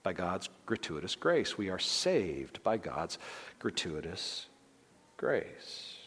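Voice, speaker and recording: A man's voice: deep voice, very animated, slow pace, a bit bright, breathy edge, long reverb tail. A man preaching an expository sermon in a conversational teaching way, often checking in with "right?" and restarting his sentences. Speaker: pastor.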